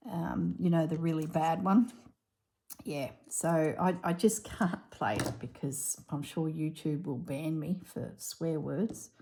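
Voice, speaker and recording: A woman's voice: low-pitched, slow, vocal fry, noisy background. A middle-aged woman, chatting casually and laughing as she tells a story during a crafting vlog. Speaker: crafting vlogger. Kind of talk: casual chat while crafting.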